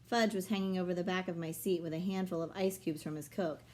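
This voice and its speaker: A woman's voice: fairly low pitch, fast. Woman reading a children's novel aloud. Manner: steady storytelling. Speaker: reader.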